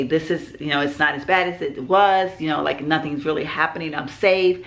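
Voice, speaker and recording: A woman's voice: low voice, vocal fry, a bit bright. A middle-aged woman vlogger telling a personal story in a rambling way, with many fillers and restarts.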